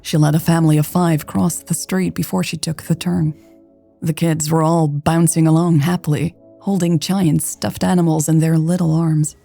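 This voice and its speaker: A woman narrating a romance story in a steady, unhurried scripted reading. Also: low-pitched, creaky, soft background music. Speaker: audiobook narrator.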